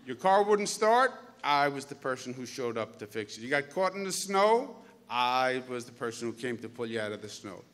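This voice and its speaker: A man's voice: medium pitch, very animated, normal speed, a bit bright. Queens-accented man speaking in a hall. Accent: Queens New York. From Queens, New York. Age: 50s. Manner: folksy, storytelling, jokey asides. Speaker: governor speaking at a school. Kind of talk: public speech to students. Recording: reverberant hall.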